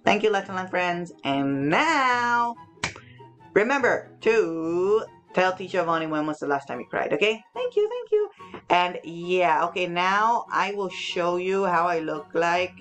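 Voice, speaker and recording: A young woman teaching children English, chatting brightly through a phonics lesson and a home kitchen demo. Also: lowish voice, big pitch swings, a little slow, faint music behind. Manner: bubbly, chatty, talks straight to children.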